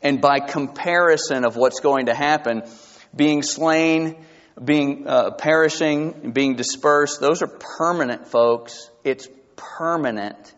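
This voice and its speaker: A man preaching a sermon as pastor, emphatic and animated, often restarting his sentences. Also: fairly high pitch, slow. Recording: dull lo-fi sound with long hall reverb.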